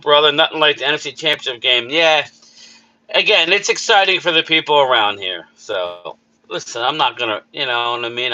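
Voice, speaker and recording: Bright slow-talking streamer man. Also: mid-range voice, dull audio. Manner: upbeat, greets viewers by name, repeats himself. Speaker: livestream host. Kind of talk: casual live chat reading viewer names.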